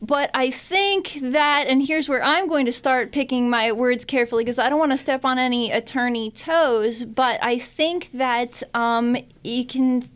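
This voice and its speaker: A woman's voice: high-pitched, measured pace, few pauses, a bit bright, clear, resonant tone. A woman attorney with a Northeastern US accent, a guest in a casual interview, who talks in long flowing sentences and laughs easily.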